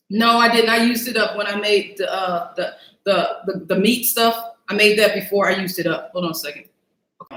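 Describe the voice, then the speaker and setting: A woman's voice: on the high side, a bit bright, echoey room. A woman hosting a casual live cooking stream, chatty and self-mocking as she talks to her viewers from a home kitchen. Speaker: cooking show host.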